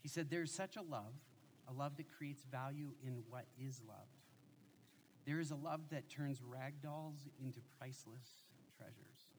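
A man in his forties preaching a sermon as a pastor, telling family stories in an animated, joking way. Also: mid-range voice, measured pace, slight background noise.

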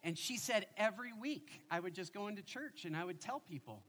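A man in his forties preaching a sermon as a pastor, telling family stories in an animated, joking way. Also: high-pitched, brisk, slight background noise.

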